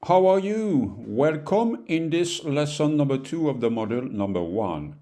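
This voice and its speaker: A man with a French accent, a native French speaker teaching a beginner language lesson, talking slowly and repeating each word with fillers like "you know". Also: on the high side, expressive, mellow. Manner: slow, repetitive, with fillers and "you know", pausing to repeat words.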